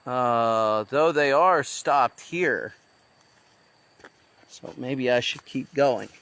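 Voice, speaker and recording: A man's voice: mid-range voice, drawn-out words, a bit bright. A man vlogging as he hikes through the jungle outdoors, thinking aloud as he goes. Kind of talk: talking to camera while hiking. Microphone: handheld phone.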